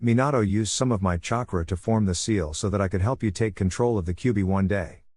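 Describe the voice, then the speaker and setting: A man's voice: fairly low pitch, fairly quick, slightly rough, dry recording. Kushina, a man reading as a kind mother. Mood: gentle. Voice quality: soft-spoken, kind. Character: hot-tempered, loving young mother spirit.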